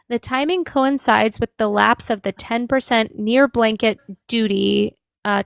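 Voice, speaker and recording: A woman's voice: on the high side, no room sound, studio quality. A woman hosting a live stream, chatting casually and reading a news article aloud with fillers and restarts. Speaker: livestream host.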